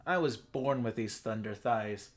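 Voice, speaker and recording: A man's voice: on the low side, a little slow. Rambling man ranting. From Texas. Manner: rambling, profane, self-deprecating. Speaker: YouTube commentator. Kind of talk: casual rant commentary.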